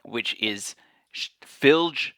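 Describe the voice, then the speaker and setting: A man in casual podcast chat, teasing and prodding with quick interjections. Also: medium pitch, expressive, pushed and bright, no room sound. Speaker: podcast regular.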